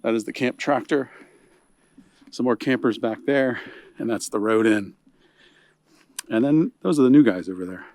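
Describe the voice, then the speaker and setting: A man's voice: mid-range voice, normal speed, pauses often, no room sound. Chatty man touring a hunting camp outdoors. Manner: relaxed, chatty, points things out as he walks. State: huffing and puffing in the heat. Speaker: outdoor vlogger giving a camp tour. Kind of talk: casual walking tour narration. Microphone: handheld camera.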